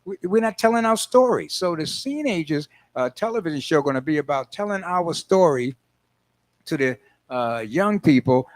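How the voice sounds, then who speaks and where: An older man hosting a radio talk show, animated and playful, acting out little scenes as he talks. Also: fairly high pitch. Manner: lively, playful, acts out voices, frequent laughs.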